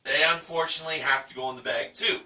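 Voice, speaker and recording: A man hosting a game show recap, reading the results in a showy announcer style with drawn-out shouted prices. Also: on the high side, steady tone, echoey room, far from the mic. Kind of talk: enthusiastic scripted recap narration.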